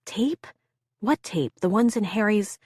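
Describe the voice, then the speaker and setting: A woman voicing a frightened young woman who whispers and tries to keep her voice calm. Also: medium pitch, measured pace, breathy edge, no room sound, clean studio sound, pitched above the performer's own voice. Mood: anxious. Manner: strained whisper, forced calm.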